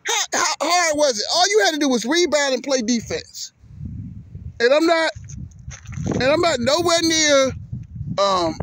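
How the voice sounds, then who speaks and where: A man's voice: very high voice, fairly bright tone, dry recording. A man ranting heatedly about basketball, cursing often and tripping over repeated words. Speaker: vlogger. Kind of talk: profane sports rant.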